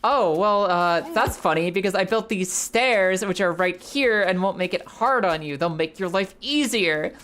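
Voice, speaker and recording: A woman voicing a folksy, helpful man who built some stairs, speaking slowly and coaxingly. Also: mid-range voice, a bit bright, close to an everyday voice.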